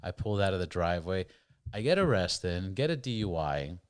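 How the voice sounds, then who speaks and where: A man's voice: low voice, very animated, fairly quick, smooth, no echo, clean studio sound. A man in his forties from California, telling rambling, profane stories as a podcast guest. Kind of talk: casual storytelling.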